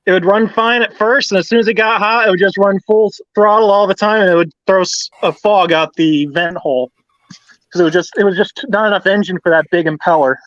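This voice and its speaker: Brief: male host, high voice, methodical and casual, dull dry lo-fi garage-stream audio. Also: brisk, a bit bright, dry recording. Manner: methodical, steadily lists parts. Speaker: host showing his small-engine collection. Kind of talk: casual live-stream chat. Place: home garage.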